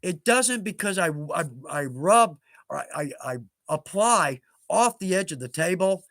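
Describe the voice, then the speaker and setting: A man's voice: high-pitched, expressive, a little slow, a bit bright, no room sound, clean studio sound. A man in his fifties hosting a casual livestream, chatting in a rambling, self-mocking way and chuckling at himself. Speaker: livestream host.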